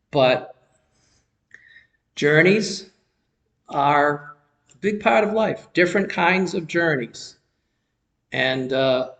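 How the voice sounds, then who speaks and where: A man's voice: fairly high pitch, a bit bright. A man teaching math in a recorded video lesson, explaining step by step in a patient, encouraging way, indoors in a room. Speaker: sixth-grade math teacher. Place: indoor room with automatic lights.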